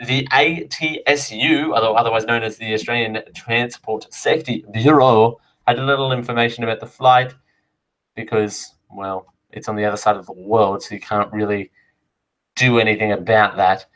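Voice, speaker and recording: A man's voice: lowish voice, fairly even intonation, moderate pace, a bit bright, rough recording. A man hosting a live show, reading items out and drifting into chatty, rambling asides. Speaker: host. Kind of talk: live show casual chat.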